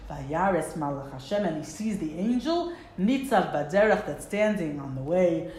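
A woman's voice: fairly low pitch, a little mellow, slight background noise. A woman teaching a Bible class who reads Hebrew verses, translates them, and repeats words for stress. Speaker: Torah teacher. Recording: roomy echo.

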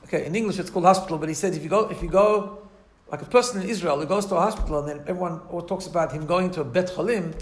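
A man's voice: high-pitched, racing, hardly any pauses, echoey room. A man teaching a class in a conversational way, often restarting sentences and checking in with his listeners. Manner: conversational, frequent restarts, keeps asking "right?". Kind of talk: class lecture.

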